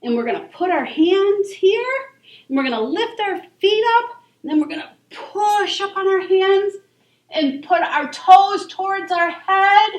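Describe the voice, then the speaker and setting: A woman leading a children's yoga class in a library room, gentle and encouraging. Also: very high-pitched, unhurried. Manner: encouraging, gentle and sing-song. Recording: echoey room, voice from far off.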